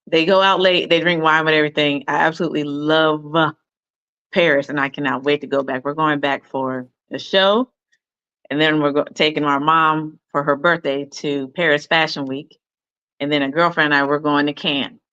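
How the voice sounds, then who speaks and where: A woman's voice: low voice, moderate pace, fairly bright tone, no echo, muffled recording. A woman guest on a talk show, chatting casually and telling anecdotes over a video call. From Arizona. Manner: chatty storyteller, quotes people in her anecdotes. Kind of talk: casual interview chat.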